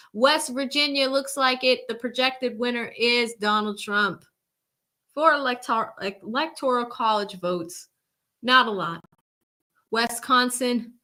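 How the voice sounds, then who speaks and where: A woman from Boston with a Boston accent, hosting a live election-night stream and chatting casually with her viewers. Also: fairly high pitch. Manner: animated, chatty, addresses chat directly. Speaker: livestream host.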